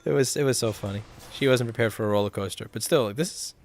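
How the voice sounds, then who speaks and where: Streaming from his computer, a man comments live on the video game he's playing in a fast, mid-range voice. He's casual, swears often, rants in frustration, and answers his chat.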